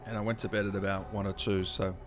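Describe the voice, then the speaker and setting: A man's voice: fairly low pitch, little pitch movement, quick pace, music in the background. Laid-back Australian man hosting a stream. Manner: laid-back, reads viewer comments aloud and answers them. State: tired, just woke up. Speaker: gaming stream host. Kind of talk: casual live-stream chat.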